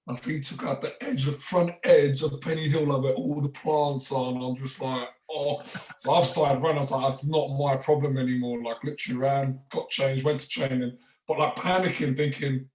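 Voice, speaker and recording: A man's voice: mid-range voice, normal speed, few pauses. A man, a former rugby player guesting on a podcast, telling casual anecdotes with frequent chuckles and acted-out quotes. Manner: relaxed, chuckles often, acts out others' lines. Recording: roomy, distant mic.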